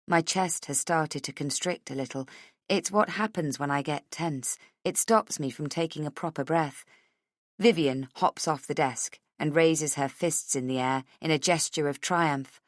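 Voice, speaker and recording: A woman narrating a first-person thriller audiobook in an expressive, tense storytelling manner. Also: low voice, a little slow, no echo, clean studio sound.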